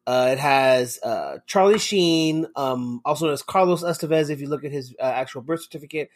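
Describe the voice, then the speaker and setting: A man's voice: on the high side, a little fast. A man hosting a casual podcast chat, rambling and swearing often and going off on tangents. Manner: rambling, profane, goes off on tangents. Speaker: podcast host.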